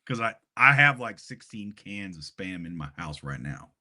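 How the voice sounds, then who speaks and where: This man grew up in Hawaii and talks in a bright, punchy, slightly low voice. He rambles through a story for a friend, stacking fillers and little laughs. It sounds like a casual podcast chat. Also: expressive, moderate pace. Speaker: podcast co-host.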